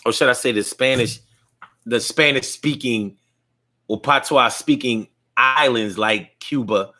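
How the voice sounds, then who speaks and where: A man's voice: mid-range voice, unhurried, pushed and bright. A man talking in a casual monologue, rambling along with frequent restarts and fillers.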